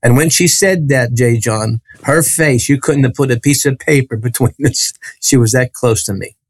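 A man telling a personal story to an interviewer, lively and acting out the voices of the people in it. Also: medium pitch, moderate pace, breathy edge, dry recording. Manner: animated storyteller, acts out quoted voices. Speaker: guest telling his testimony.

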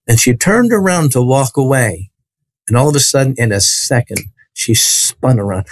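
A man recounting a childhood story in conversation, animated, now and then jumping into the voices of the people he quotes. His voice sits at a middle pitch and is recorded dry and close, with no room sound around it. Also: normal speed, no echo. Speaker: guest telling his testimony.

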